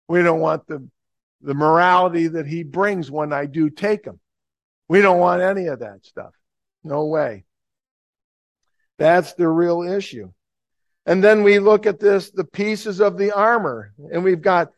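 A man, preaching a lively, humorous sermon with an emphatic delivery. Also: high voice, dry recording. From New Jersey, USA. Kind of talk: sermon with storytelling.

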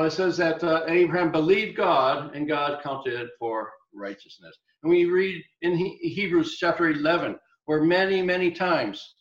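Male preacher, fairly high voice, expository sermon delivery, roomy, slightly muffled recording. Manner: expository, reads scripture aloud, drops softer on key points.

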